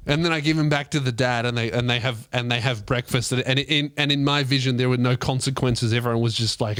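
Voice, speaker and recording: A man host telling a comic story in a rambling, profane way, breaking into loud put-on voices. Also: mid-range voice, fairly quick, hardly any pauses, no echo, studio quality. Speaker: comedian host. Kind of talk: stand-up style storytelling.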